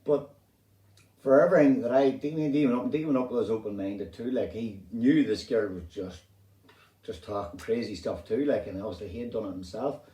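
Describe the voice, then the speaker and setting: A middle-aged man with a Northern Irish accent telling a personal story in a rambling, animated way, swearing freely. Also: fairly low pitch, brisk. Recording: roomy sound, distant from mic.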